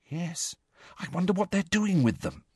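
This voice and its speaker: A man voicing an urgent, sharp teenage girl witch in an audiobook. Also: high voice, lively intonation, normal speed, breathy edge, no echo, voice pushed up, heavily acted. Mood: hushed.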